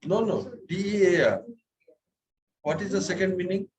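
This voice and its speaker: A man's voice: high voice, lively intonation, moderate pace, darkish tone, rough recording. A man teaching a French class, patient, repeating words and checking that students follow. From India. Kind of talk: classroom lesson.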